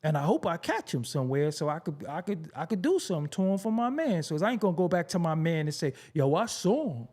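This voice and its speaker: A fairly high-voiced man hosting his own show, riffing bluntly in a casual commentary monologue. He drops into low mutters, then jumps up into high, incredulous outbursts. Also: big pitch swings, fast talker, few pauses, a little mellow. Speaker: show host.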